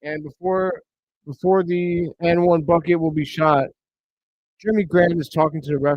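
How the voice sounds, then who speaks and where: A man hosting a live reaction stream, calling the action play by play and bursting into excited shouts on big plays. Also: a little high, normal speed, no room sound. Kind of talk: play-by-play commentary. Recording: dry, slightly dull home mic.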